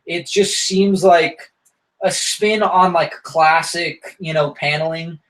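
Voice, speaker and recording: Man, podcast host, casual comic chat, enthusiastic, rambling, slightly high voice. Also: fairly even intonation, takes it slowly, a bit bright, poor audio.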